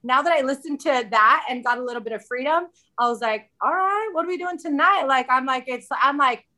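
A woman's voice: high-pitched, brisk, bright, forceful tone. A woman in her thirties, a podcast guest in casual chat, candid and chatty, often quoting herself.

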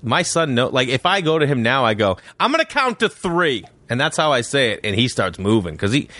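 A man's voice: medium pitch, a little fast, no room sound. A man who is a comedian guest on a podcast, chatting casually and acting out the scenes in his stories. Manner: animated storyteller who acts out scenes. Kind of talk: casual chat. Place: home man cave.

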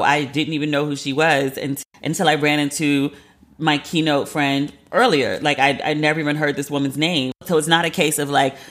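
Woman, thirties, podcast host, casual monologue, animated, profane, acts out quotes. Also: low-pitched.

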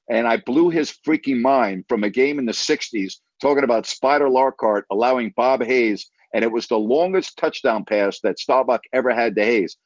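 A man's voice: mid-range voice, moderate pace, few pauses, no room sound, muffled recording. Man from New York telling sports stories. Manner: animated anecdote teller, acts out quotes. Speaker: TV sports announcer. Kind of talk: casual storytelling chat.

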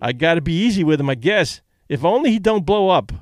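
A man's voice: fairly high pitch, expressive, fairly quick, no room sound, clean studio sound, lightly acted. A man reading aloud and voicing a brash, cocky young boxer who talks in a breezy, mocking way.

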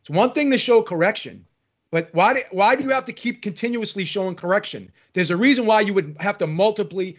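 A high-voiced man steers a heated boxing debate, pressing his point with repeated questions. His call audio sounds a little muffled. He keeps the argument moving. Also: fairly quick. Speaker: show host, moderator.

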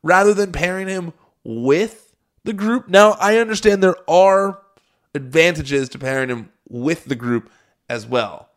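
A man's voice: a little high, animated, measured pace, a bit bright. A man hosting a solo podcast, giving chatty, opinionated commentary with many restarts and fillers. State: hiccups. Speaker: podcast host.

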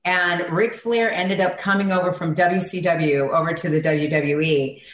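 A woman's voice: lowish voice, fairly even intonation, normal speed. Heartfelt middle-aged woman, echoey room. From South Carolina, USA. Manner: heartfelt, reminiscing, gets emotional. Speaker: guest, singer and ring announcer. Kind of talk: conversational interview. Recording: echoey room, faint background noise.

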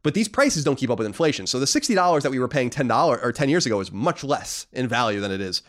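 A man co-hosting a casual podcast, talking emphatically and rambling with quick restarts. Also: mid-range voice, expressive, fairly bright tone. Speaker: podcast co-host.

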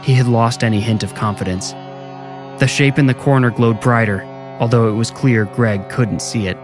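A man narrating a scripted first-person horror story in a measured, low-key way. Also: fairly even intonation. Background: music.

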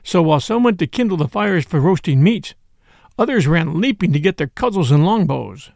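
A man reading a classic adventure tale aloud as narrator, in an expressive storytelling manner. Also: a little high, normal speed, gravelly, no echo, clean studio sound.

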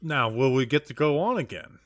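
A man's voice: mid-range voice, lively intonation, a little fast, no room sound. A man co-hosting a casual sports podcast, joking around and rambling with plenty of "like" and "you know.". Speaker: podcast co-host.

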